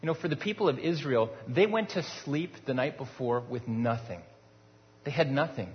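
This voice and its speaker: A male pastor preaches in an easy, conversational manner, asking the congregation rhetorical questions and often repeating a word as he restarts. His voice sits at a middle pitch and trails off into a long reverb in a large church sanctuary. The sound is a little dull. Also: normal speed. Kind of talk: sermon.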